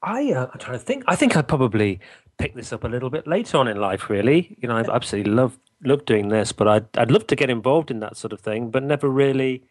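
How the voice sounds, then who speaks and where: A man with a mid-range voice hosts a conversational interview. He asks his questions in a relaxed, unhurried way, pausing with small fillers. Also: medium pitch. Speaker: interview host. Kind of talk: casual interview chat.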